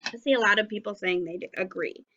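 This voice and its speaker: A woman teaching young children a phonics and sentence lesson on video, speaking slowly and clearly in an encouraging way. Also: mid-range voice, sharp tone. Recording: slightly dull lo-fi audio.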